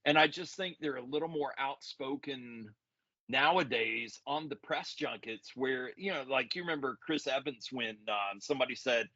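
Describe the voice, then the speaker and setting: A man's voice: medium pitch, normal speed, sharp tone, dry recording. A man co-hosting a podcast in casual chat, laid-back and rambling, often calling his co-host "man.". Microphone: remote call mic. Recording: dull lo-fi audio.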